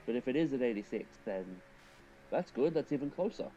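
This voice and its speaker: Guy streaming a racing game, chatty, thinks out loud, mellow warm voice, faint hiss behind. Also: medium pitch, animated, fairly quick, lo-fi sound. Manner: chatty, thinking aloud, talks to chat. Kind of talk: casual live commentary while racing.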